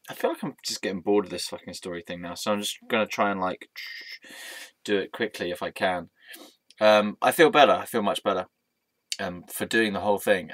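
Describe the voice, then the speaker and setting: A man in his thirties with a low voice talks straight into the camera in a dry, close sound with no room echo. He rambles candidly through a personal vlog, swearing freely and filling gaps with ums. A dry, sarcastic streak runs underneath. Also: a bit bright. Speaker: vlogger. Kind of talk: casual personal vlog monologue.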